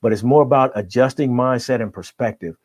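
Energetic man coaching with constant "right?". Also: medium pitch, brisk, no room sound. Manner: energetic, tags nearly every point with "right?". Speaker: life coach and guest. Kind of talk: motivational conversation.

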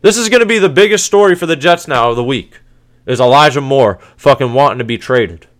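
A man hosts a sports podcast in a heated, profane rant. His pitch swings widely as he gets exasperated, and he stumbles and restarts his sentences. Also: expressive, a little fast.

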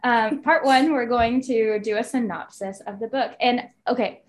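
A woman's voice: on the high side, moderate pace. Giggly young woman podcast co-host. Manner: giggly, chatty, fillers like "like". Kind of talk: casual chat and book summary.

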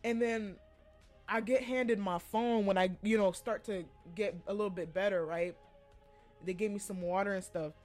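A young woman hosting a podcast, casually telling a personal story with lots of animated asides and quoted voices. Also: mid-range voice, normal speed, soft background music. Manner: chatty, animated retelling with quoted voices and laughs. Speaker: podcast host.

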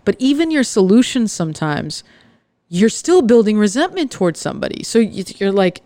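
Smooth-voiced woman hosting a candid podcast. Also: mid-range voice, sing-song, dark tone, no echo. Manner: earnest, confessional, halting with fillers. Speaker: podcast host. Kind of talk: candid personal podcast monologue.

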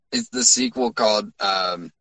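A man co-hosts a podcast, tossing out crude jokes and breaking into laughter. His pitch rises and falls a lot, and the recording is dry and close. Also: huge pitch swings, slow, vocal fry, sharp tone, dry recording, distant mic. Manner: laughing, crude, bro-ish banter. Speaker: podcast co-host. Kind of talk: casual chat.

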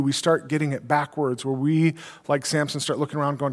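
A man's voice: fairly high pitch, steady tone, brisk. Man preaching in an echoey hall. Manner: earnest preaching, quoting scripture, rhetorical questions. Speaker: pastor. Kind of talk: sermon.

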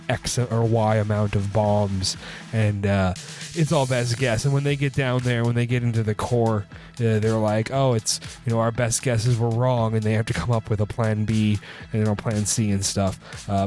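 A man with a fairly low voice talks through a film's plot as a casual review host. He rambles, backtracks and leans on filler words. Faint music sits underneath. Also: darkish tone. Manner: sipping a drink while recording. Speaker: movie review podcast host.

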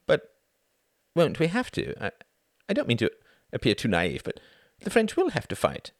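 A man voicing an earnest, slightly naive gentleman who stammers and hesitates. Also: a little high, huge pitch swings, moderate pace, no room sound, clean studio sound, voice pushed up.

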